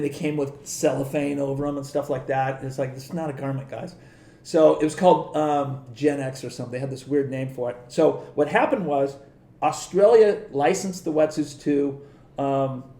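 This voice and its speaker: A man's voice: fairly high pitch, brisk, gravelly, dark tone, reverberant. A middle-aged man, a guest on a podcast, telling rambling stories in a casual way, with many restarts. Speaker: guest, former pro surfer and surf industry rep. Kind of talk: casual storytelling.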